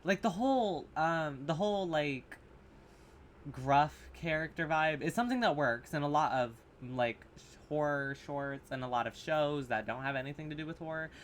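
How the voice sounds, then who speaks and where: A man's voice: a little high, animated, moderate pace, slight background noise. Man rambling through a horror review. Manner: rambling, filler-heavy, swearing, sarcastic. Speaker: horror reaction vlogger. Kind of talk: casual rambling commentary. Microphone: camera mic.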